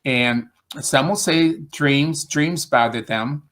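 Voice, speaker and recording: A man speaks slowly in a mid-range, fairly bright voice with an upstate New York accent. On a casual video call he rambles about teaching English, filling his talk with fillers and restarts.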